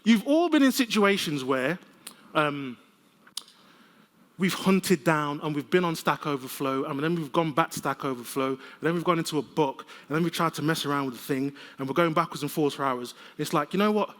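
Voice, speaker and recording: Animated male keynote speaker in a reverberant hall. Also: fairly high pitch, fairly quick. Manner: lively, conversational storytelling with humor. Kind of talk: conference keynote talk. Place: large conference hall. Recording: long reverb of a conference hall.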